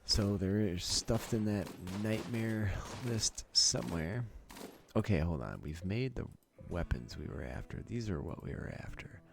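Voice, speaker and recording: A man's voice: on the low side, animated, a little slow, gravelly, background noise. A man from Wisconsin giving casual gameplay commentary, thinking aloud and chuckling often. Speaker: let's play gamer.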